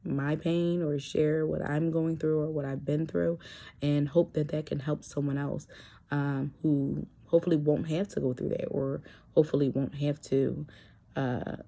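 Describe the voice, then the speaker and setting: A woman's voice: low voice, fairly even intonation, a little slow, creaky, mellow. A young adult woman talking candidly in a personal vlog, hesitant, with many fillers and restarts. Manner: candid and earnest. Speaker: vlogger.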